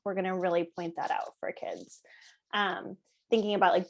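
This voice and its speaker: A woman's voice: on the low side, level tone, normal speed. A woman in her thirties giving a presentation to parents. She talks conversationally, often checks in with "right?", and acts out short exchanges between parents and kids. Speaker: parenting educator.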